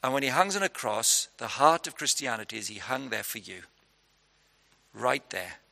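A man's voice: medium pitch, animated, moderate pace, vocal fry, bright, forceful tone. A man preaching a sermon in a conversational, punchy way, putting questions to his listeners. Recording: long hall reverb.

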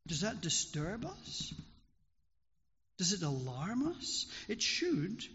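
A man preaching a sermon in a church, earnest and pleading, with slow, deliberate phrasing, on a dull recording in an echoing hall. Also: sits high.

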